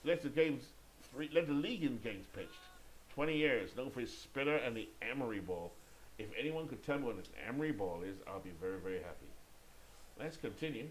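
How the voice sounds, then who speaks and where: A man's voice: mid-range voice, expressive, brisk, a little hiss or hum, poor audio. British man calling a baseball sim game. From Great Britain. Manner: chatty, thinks aloud and corrects himself between calls. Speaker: gamer and play-by-play caller.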